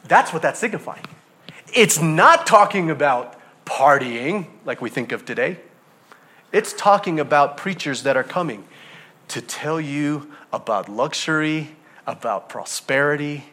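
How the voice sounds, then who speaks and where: A male pastor preaching a sermon, moving from hushed near-whispers to loud, emphatic passages. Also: on the high side, animated, measured pace.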